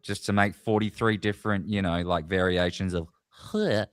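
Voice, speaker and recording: A man's voice: low voice, fairly even intonation, moderate pace, no room sound, clean studio sound. A man in a casual chat, thinking aloud as he talks.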